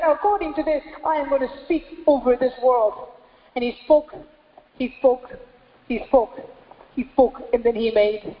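A woman pastor preaching a sermon, repeating phrases in a steady cadence and asking rhetorical questions. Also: a little high. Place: church hall. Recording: echoey church hall, slightly dull sound.

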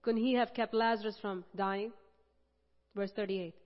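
A woman preaching a sermon, impassioned, building to loud, emphatic repetition. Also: medium pitch, steady tone, a little slow. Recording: dull lo-fi audio with long hall reverb.

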